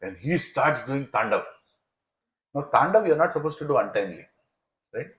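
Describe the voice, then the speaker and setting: Animated man telling a sermon story. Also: medium pitch, moderate pace, echoey room, poor audio. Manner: animated, asks the audience "right?". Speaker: spiritual teacher. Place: devotional center hall.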